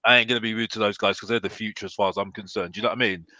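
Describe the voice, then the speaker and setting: Bloke on a football chat show, bright and punchy, keeps asking "yeah?". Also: male voice, lowish voice, rapid-fire, no echo. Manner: animated, keeps adding "yeah?". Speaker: football podcast guest. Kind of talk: casual chat.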